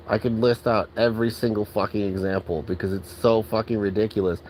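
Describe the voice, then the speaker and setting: A man with a lowish voice vents in an exasperated, profanity-laced rant. He speaks casually with lots of filler words. A faint hum of traffic sits behind him. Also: fairly even intonation, fairly quick, darkish tone, rough recording. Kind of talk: angry rant.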